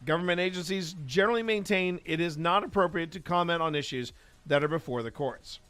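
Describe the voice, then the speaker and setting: This is a male podcast host in casual talk who often trips over his own restarts. He has a bright, forceful voice pitched a little high. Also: a little fast, smooth. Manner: rambling, with frequent restarts. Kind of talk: casual podcast chat and news reading.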